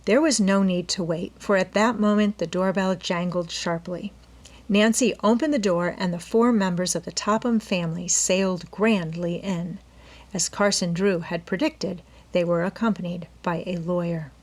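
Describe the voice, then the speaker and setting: A woman narrating a classic mystery novel as an audiobook reader, in an even storytelling manner. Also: lowish voice, normal speed. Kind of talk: scripted narration.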